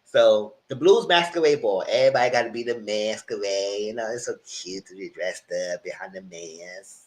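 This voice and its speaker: Animated man recapping TV episodes. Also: lowish voice, moderate pace. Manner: animated retelling that acts out the characters' lines. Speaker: TV show reviewer. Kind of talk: casual live TV recap.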